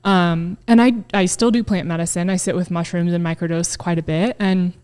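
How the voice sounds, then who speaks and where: A woman's voice: fairly low pitch, steady tone, normal speed, darkish tone, clean tone. A woman in her thirties, a podcast guest, talking candidly and emotionally, swearing freely and acting out her own thoughts in quotes. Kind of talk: candid casual chat.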